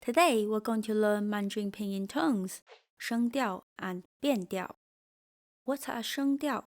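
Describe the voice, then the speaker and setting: A woman teaching a pinyin lesson, speaking slowly and clearly and leading repeat-after-me drills. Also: medium pitch, darkish tone. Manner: slow, clear, drills repetition. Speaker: Mandarin teacher. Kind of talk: scripted language lesson.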